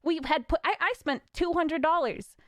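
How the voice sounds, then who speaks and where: A young woman streamer ranting casually, frustrated and swearing with nervous laughs, her voice a little raspy from talking. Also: very high-pitched, moderate pace, dry recording, studio quality.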